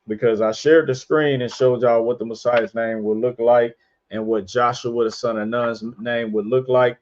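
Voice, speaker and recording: The host of a podcast leads a casual religious lesson with his screen shared, spelling out individual letters and constantly asking rhetorical questions. His voice is lowish and a little mellow, heard through dull, low-fidelity stream audio.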